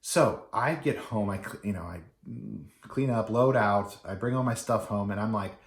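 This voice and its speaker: In an echoey room, a middle-aged man who DJs weddings rambles through a casual story, stumbling over fillers and restarts while imitating the people he quotes. His voice is on the low side, and he talks at a normal pace.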